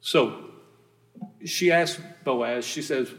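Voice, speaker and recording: A man teaching a Bible study, reading scripture aloud and explaining it in a relaxed, conversational way, correcting himself as he goes. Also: medium pitch, a little slow, big-room sound.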